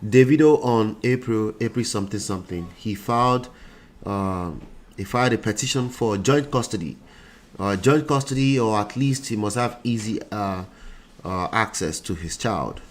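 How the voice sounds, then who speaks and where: A man's voice: fairly low pitch, moderate pace. A man hosting a relationship talk livestream, chatting casually and greeting viewers by name while he sounds congested. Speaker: relationship coach and show host.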